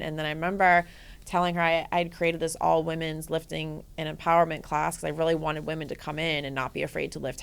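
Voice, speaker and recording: A woman fitness coach as a podcast guest, telling stories in a casual, energetic way, swearing freely and often adding "right?". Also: low voice, creaky, clear, resonant tone. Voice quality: profane, energetic, frequent "right?" and "like". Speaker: guest, bodybuilding and life coach. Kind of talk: casual storytelling interview.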